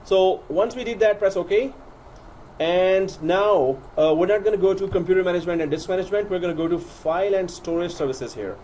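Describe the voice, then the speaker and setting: A man's voice: sits high, fairly quick, a little mellow, slight background noise. Joking male IT instructor in classroom. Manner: joking, laughs often, walks students through steps. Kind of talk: classroom lecture.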